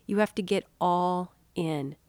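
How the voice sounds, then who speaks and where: A middle-aged woman hosts an inspirational podcast with a low voice. She tells personal stories in a chatty, encouraging manner and calls her listener dear soul. The sound is dry, with no room around her. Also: slow pace, a little mellow, dry recording. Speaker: podcast host and author. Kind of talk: inspirational talk.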